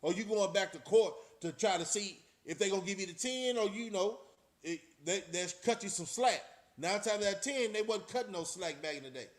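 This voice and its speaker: A man's voice: high-pitched, a little fast. A middle-aged man, telling a story from his youth to his viewers in a streetwise, profane way, often speaking to them directly. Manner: streetwise, profane, talks straight to the audience. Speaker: channel host.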